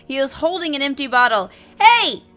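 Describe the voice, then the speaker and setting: A woman's voice: mid-range voice, lively intonation, measured pace, pushed and bright, faint music behind. A woman reading and playing through a solo tabletop adventure, with chatty asides and many fillers. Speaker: solo game player and narrator.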